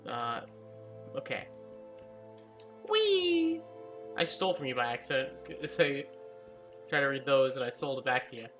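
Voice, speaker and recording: Bright-voiced chatty gamer. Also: medium pitch, little pitch movement, normal speed, long pauses, soft background music. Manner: chatty, giggly, reads in-game text aloud. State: hiccuping. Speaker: let's-play gamer. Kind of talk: casual gameplay commentary.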